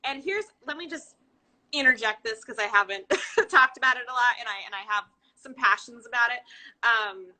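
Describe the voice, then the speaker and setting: Very bright-voiced woman host, chatty and passionate, casual livestream interviewer. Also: on the high side, normal speed, low-quality recording. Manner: chatty, frequent agreeing, passionate asides. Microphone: video call.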